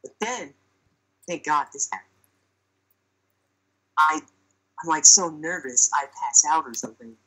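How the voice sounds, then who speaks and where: A young man tells a comic anecdote on a podcast in a loose, chatty way, full of fillers. His voice is bright and has a husky edge, and he acts out the lines he quotes. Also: a little high, measured pace, pauses often, rough recording. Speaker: podcast storyteller. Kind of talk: casual comic storytelling.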